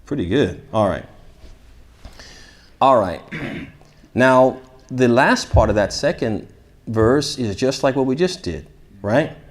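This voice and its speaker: A man leading a tajweed class, explaining rules, asking his students questions and reciting Arabic phrases slowly for them to repeat. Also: mid-range voice, expressive. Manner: asks the class questions then answers them. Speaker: shaykh teaching tajweed. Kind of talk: interactive classroom lesson.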